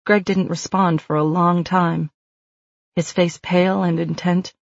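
A woman reading a novel aloud with a measured, even delivery. Her voice sits on the low side, and the recording is dry and slightly dull, without any room sound. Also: vocal fry, no room sound. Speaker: audiobook narrator. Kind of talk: scripted narration.

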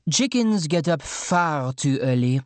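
Pitching above his natural register to a fairly high, animated voice, a male narrator performs a scolding middle-aged French mother nagging her son. She comes across as lilting, brisk, and dismissive, and the recording is dry.

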